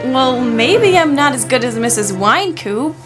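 A woman's voice: high-pitched, expressive, normal speed, music in the background. A woman playing a dry, tired teenage older sister in a radio drama.

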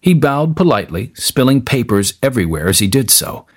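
A man reading a story aloud in a scripted, expressive style. His voice is husky, and his pitch rises and falls in a lively way as he carries the narration along. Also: fairly quick.

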